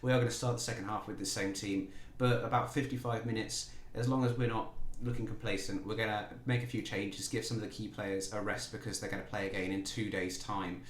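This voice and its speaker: A playful man chats through a football management game and teases his own players as he goes. His voice sits a little low, and the sound carries a roomy echo. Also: flat delivery, a little fast, hardly any pauses, slight background noise. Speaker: gaming YouTuber. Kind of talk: casual let's-play commentary.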